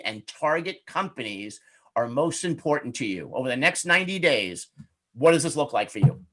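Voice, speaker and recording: A middle-aged networking coach presents a conversational webinar, keeping things chatty and upbeat while acting out sample questions. His voice is on the high side and a bit bright.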